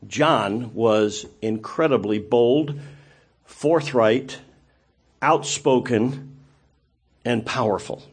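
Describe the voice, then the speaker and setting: A man's voice: medium pitch, breathy edge. A man preaching a sermon in a conversational style, full of rhetorical questions.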